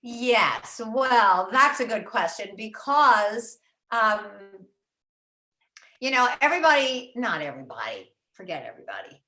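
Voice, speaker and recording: An older woman talks chattily and animatedly, full of fillers and restarts. Her voice is bright and forceful. The sound rings in a roomy home writing studio. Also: on the high side, sing-song, a little slow. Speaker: author and host. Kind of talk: casual conversation about writing. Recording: roomy echo.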